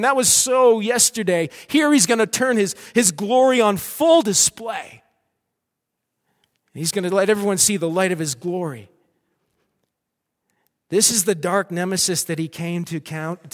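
A man preaching a sermon with animated delivery, acting out cheering crowds. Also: sits high, a little slow, big-room sound.

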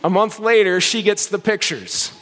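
A man preaching in a church sanctuary, his fairly high voice ringing out with a long hall reverb. He tells a story with lively build-ups, then slows into soft, earnest appeals. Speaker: pastor. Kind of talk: sermon.

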